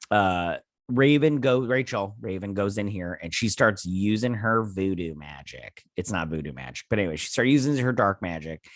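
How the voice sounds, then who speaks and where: A man's voice: lowish voice, fairly bright tone, dry recording, clean studio sound. A man in his thirties giving a casual, rambling recap and review of a TV episode, full of fillers and paraphrased scenes, sounding a bit sleepy. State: sleepy, yawning. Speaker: show reviewer.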